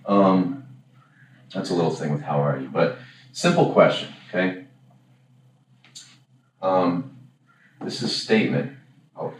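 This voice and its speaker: A man's voice: low voice, slow pace, pauses often. A man coaching a class in a casual, rambling way, often correcting himself and acting out example lines. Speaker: dating coach. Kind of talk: casual workshop lecture. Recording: echoey room, far from the mic, faint background noise.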